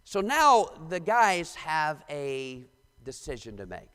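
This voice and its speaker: A man's voice: a little high, very animated, slow pace, a bit bright, smooth. A man preaching a sermon as pastor, reading scripture with dramatic emphasis, in a church sanctuary. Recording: long church reverb.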